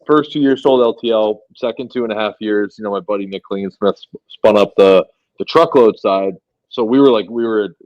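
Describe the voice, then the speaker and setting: A man's voice: on the low side, dry recording, lo-fi sound. A man telling a loose, rambling anecdote with slang in casual podcast chat.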